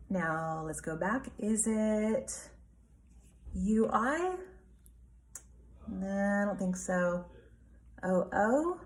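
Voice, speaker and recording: A woman teaching a phonics lesson, with a voice that sits a little low. She speaks slowly and sounds out every word with care, encouraging her pupils as she goes. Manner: slow, clearly enunciated, encouraging teacher talk.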